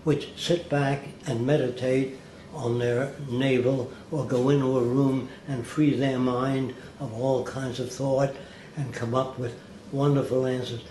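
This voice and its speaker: An older man tells anecdotes at an unhurried, deliberate pace, now and then mimicking how others talked. His voice sits at an ordinary middle pitch. It rings a little in a reverberant room, with a faint hiss of noise underneath. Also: little pitch movement, dark tone. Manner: deliberate, slow-paced storyteller who mimics others' words. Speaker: interviewee. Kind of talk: anecdotal storytelling.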